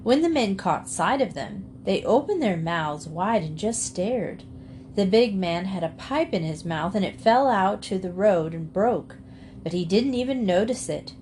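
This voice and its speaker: Slow, calm woman reading aloud. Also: medium pitch, slight background noise. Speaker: storybook reader. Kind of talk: reading a children's book aloud.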